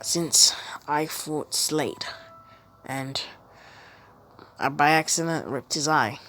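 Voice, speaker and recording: A woman's voice: deep voice, slow pace, a bit bright. A woman casually retelling a made-up story, rambling and stringing events with quoted lines.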